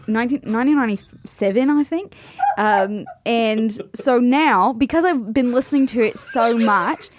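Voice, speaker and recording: A woman's voice: fairly high pitch, background noise. A woman from Canada co-hosting a podcast, chatty, with hesitant restarts and frequent laughs. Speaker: podcast co-host. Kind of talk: casual chat.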